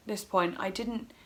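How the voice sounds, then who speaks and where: A middle-aged woman at home, telling a personal story in a casual, emotional, rambling way and acting out her own quotes. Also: medium pitch. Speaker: vlogger.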